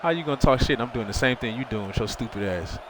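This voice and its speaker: A male gamer talks quickly over his gameplay, his delivery blunt and scoffing. He rattles off slang and profanity as he mocks opponents, with a faint hum of surroundings behind him. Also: mid-range voice. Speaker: video game streamer.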